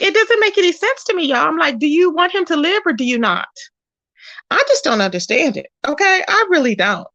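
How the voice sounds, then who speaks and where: A woman with a high voice chats casually to her livestream viewers. She greets people by name and drives her points home by repeating them. The sound is dry and close, with a slightly dull, lo-fi quality. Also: a bit bright, no echo. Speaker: livestream commentary host.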